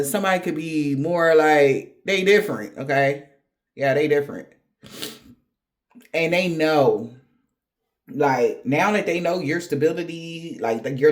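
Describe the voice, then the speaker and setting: A woman giving a casual spiritual reading to viewers, blunt and profane, chatting with laughing asides. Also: low-pitched. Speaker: tarot card reader.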